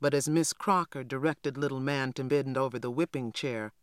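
A woman narrating an audiobook in a measured, even reading. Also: a bass voice, clear, resonant tone, no room sound, clean studio sound. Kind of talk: scripted narration.

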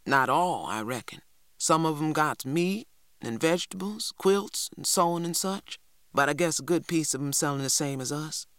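A woman reading aloud voices a stern elderly grandmother, gruff and firm. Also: expressive, moderate pace, no echo, studio quality. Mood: matter-of-fact. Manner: gruff, scolding, low.

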